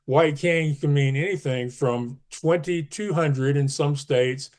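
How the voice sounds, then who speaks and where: A man's voice: fairly high pitch, slow, darkish tone. A man speaking as a podcast guest, earnest and emphatic, pushing up his voice on key advice. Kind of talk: casual interview talk.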